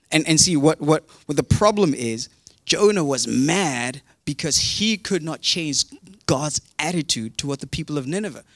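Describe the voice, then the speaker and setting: A man preaching a sermon in an animated, conversational way, often repeating words. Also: on the high side, no room sound, studio quality. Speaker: pastor.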